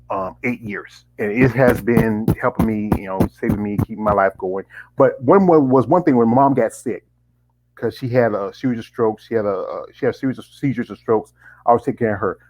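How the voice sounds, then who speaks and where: A man's voice: mid-range voice, brisk, darkish tone, a little hiss or hum, poor audio. Rambling man in his 40s. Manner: rambling, with many restarts and fillers. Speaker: interviewer host. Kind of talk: casual interview chat.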